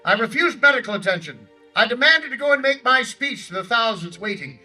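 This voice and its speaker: A blustering older Theodore Roosevelt, played by a male reenactor booms out a declamatory stump speech in a high, sharply bright voice. He orates outdoors in a lakeside park, caught by a distant microphone, with faint music drifting behind him. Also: animated, brisk, heavily acted. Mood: rousing. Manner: booming, declamatory oratory. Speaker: historical reenactor.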